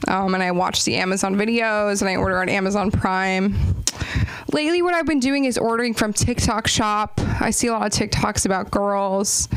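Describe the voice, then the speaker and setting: Smooth-voiced rambling comedy host woman. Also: mid-range voice, moderate pace, dry recording. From Los Angeles. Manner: rambling, self-deprecating, ironic. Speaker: open mic host. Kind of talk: stand-up comedy hosting. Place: small comedy club stage.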